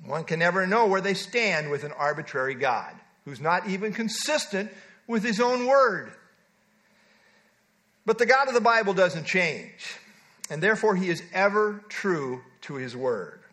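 A man's voice: high voice, expressive, unhurried, pushed and bright. A man preaching a sermon, reading scripture aloud and stepping aside for emphatic asides.

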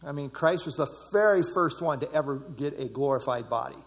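A man's voice: on the high side, brisk, big-room sound. A man leading a Bible study class, explaining scripture verse by verse with emphasis.

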